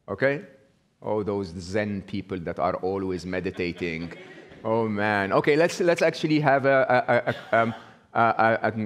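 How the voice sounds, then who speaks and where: A man with an Egyptian accent giving a live talk to an audience, asking them questions and acting out an inner voice, with many fillers and restarts. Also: mid-range voice. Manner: interactive, asks the audience questions; acts out the inner voice in quotes.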